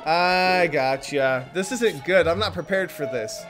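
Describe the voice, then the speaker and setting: A gaming YouTuber giving let's play commentary, reacting with raised, excitable exclamations. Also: medium pitch, a little slow, music in the background.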